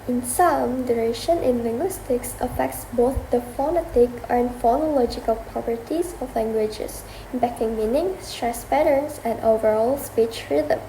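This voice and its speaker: A young woman student reading the summary of a class presentation in an even, measured way. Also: a little high. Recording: roomy echo with faint background noise.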